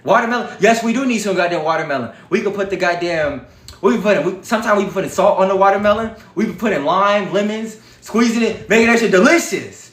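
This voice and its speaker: A man hosting a livestream, talking in an animated, profane, preachy way. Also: high voice, fast, echoey room. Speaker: livestream host. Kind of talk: casual livestream talk.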